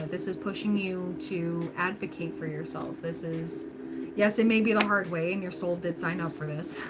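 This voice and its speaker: Female tarot streamer, casual encouraging chat, noisy home mic. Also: medium pitch. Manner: chatty, encouraging, frequent laughs and fillers. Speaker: tarot reader livestream host.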